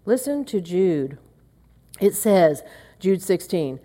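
A woman's voice: mid-range voice, moderate pace, a little mellow. A middle-aged woman teaching a women's Bible study, earnest and chatty, acting out muttered asides under her breath. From Oklahoma. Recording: long hall reverb.

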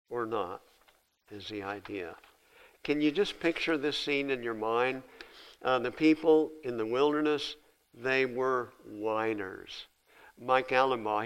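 A man's voice: medium pitch, fairly bright tone, poor audio. Older male pastor, folksy preacher who acts out Bible dialogue with a mid-range voice. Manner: folksy preaching, dramatic retellings of scripture dialogue. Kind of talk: sermon.

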